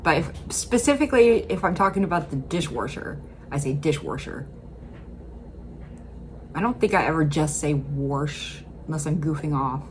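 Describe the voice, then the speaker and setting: Low-voiced Midwestern woman, chatty. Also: animated, fast. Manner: chatty, rambling, with frequent fillers. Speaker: reaction video host. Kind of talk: casual commentary.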